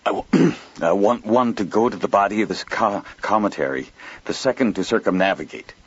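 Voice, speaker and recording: A man voicing a gruff older male colony commander who swears in outbursts. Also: lowish voice, normal speed, dull audio. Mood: choked.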